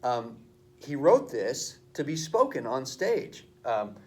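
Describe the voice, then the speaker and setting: A man's voice: medium pitch, big pitch swings, slow pace. A male teacher explaining a poetry assignment to his class at the board in a casual, chatty way.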